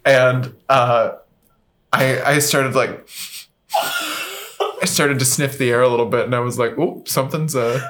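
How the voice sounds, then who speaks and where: A young man, a podcast guest, telling a long comic story in casual chat, animated and often laughing. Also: mid-range voice, measured pace, long pauses, slight background noise. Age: young adult.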